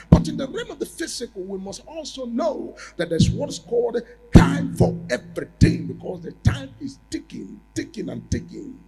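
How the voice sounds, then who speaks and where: Gravelly man preaching prophecy. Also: high voice, wildly swooping pitch, brisk, soft background music, poor audio. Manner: emphatic, repetitive preaching with sudden loud rises. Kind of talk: prophetic sermon.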